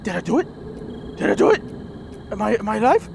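Young male gamer, high voice, lively and panicky, swears and repeats himself over noisy game audio. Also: fast talker, gravelly. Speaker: gaming video host. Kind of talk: let's play commentary.

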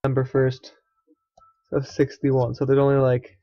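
A young man talks through his strategy game session in a casual, sarcastic ramble, dropping curses and half-muttered complaints. His voice sits at an ordinary male pitch. The recording is dry and slightly muffled, like a home desktop mic. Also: completely flat delivery, normal speed, no echo. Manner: sarcastic, swears, mutters to himself. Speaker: gaming let's player. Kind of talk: casual gameplay commentary.

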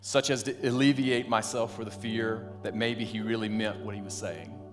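Low-voiced pastor preaching. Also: male voice, steady tone, normal speed, over music. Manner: storytelling, drops to quiet earnest tones. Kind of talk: sermon.

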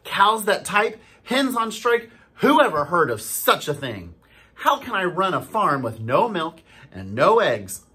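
A storybook reader voicing an exasperated grown male farmer who shouts in outrage. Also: mid-range voice, sing-song, slow, slightly rough, heavily acted. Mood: outraged.

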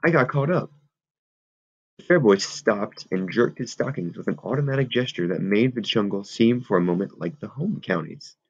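A man reads a novel aloud in a steady, measured way. His voice is low with a gravelly fry, and the recording sounds dull and lo-fi. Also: dry recording. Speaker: audiobook reader.

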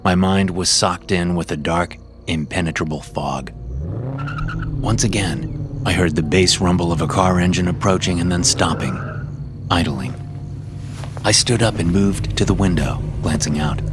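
A man narrating a first-person thriller story in a measured, brooding way. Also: sits low, noisy background. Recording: clear music bed behind.

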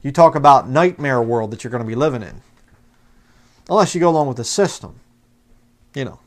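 A man's voice: medium pitch, expressive, fairly quick. A man talking passionately in a fired-up preaching manner, reading quotes aloud from books and mocking opposing views. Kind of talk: fiery religious commentary video.

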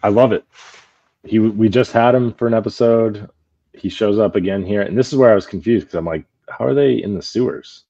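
Low, mellow-voiced man in casual chat. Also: fairly even intonation, fairly quick, no room sound, highs cut off. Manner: conversational, hedging opinions with "kinda" and "like". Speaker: podcast co-host.

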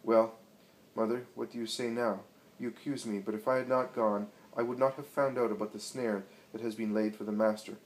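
Judas is a defensive male disciple in a storybook, earnest as he justifies himself. The voice is low and plain, with a man reading the part. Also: fairly even intonation, brisk, natural voice, low-quality recording.

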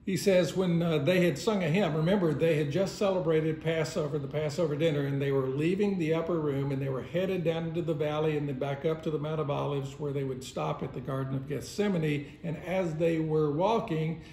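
A man's voice: fairly high pitch, brisk, few pauses, warm tone, slight background noise. A man teaching a Sunday school lesson in a casual, conversational way, often chuckling as he retells the story. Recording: roomy echo.

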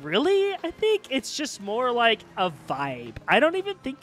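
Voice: mid-range voice, wildly swooping pitch, normal speed, a loud crowd. A streamer doing a breezy California valley girl. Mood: airy. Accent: California valley girl (put on). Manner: filler-heavy "like", breezy uptalk. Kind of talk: joking accent bit during a fishing game stream.

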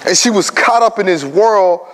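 A man in his thirties giving a motivational talk to high school students, telling stories animatedly and bantering with the audience. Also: moderate pace, slight background noise. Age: 30s. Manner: animated storytelling, acts out quoted voices, banters with the audience. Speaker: guest speaker at a high school. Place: large school hall. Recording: long reverb in a big hall.

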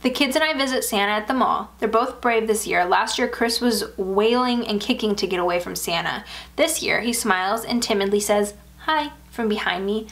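A woman narrating a first-person horror story aloud in an even, measured way. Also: medium pitch, vocal fry.

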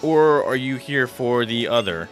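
A man's voice: mid-range voice, animated, measured pace, soft background music, close to an everyday voice. A man voicing a brash, teasing young woman trainer in a video game, playful and overfamiliar.

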